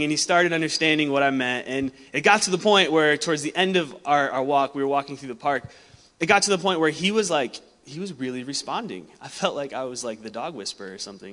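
A young male pastor delivers a sermon in a relaxed, storytelling way, often laughing. His voice sits a bit high and sounds bright and forceful. The sound carries a long reverb from a large hall.

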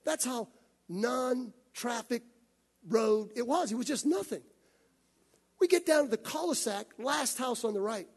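Brief: male pastor, husky, high voice, lively sermon storytelling. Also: measured pace. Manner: animated storytelling, acting out scenes.

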